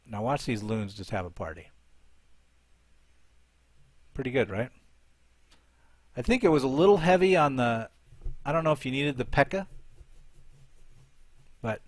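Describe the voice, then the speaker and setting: A man's voice: medium pitch, dry recording. A man hosting a live show, commentating game attack replays and thinking aloud as he looks for each one.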